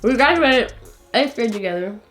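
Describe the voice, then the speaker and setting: A woman's voice: fairly high pitch, lively intonation, moderate pace, fairly bright tone, faint music behind. Chatty teen girl vlogger. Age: late teens. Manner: chatty, heavy use of "like", slangy. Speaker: vlogger host. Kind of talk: casual chat while eating.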